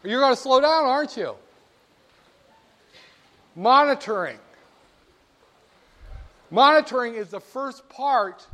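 A male lecturer giving a classroom lecture in a lively, jokey way, speaking straight to his students. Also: very high-pitched.

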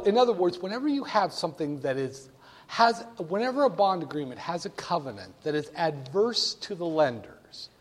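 Man, classroom lecture, lively, jokey, talks to students, slightly high pitch, long hall reverb. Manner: animated, jokey, addresses students directly.

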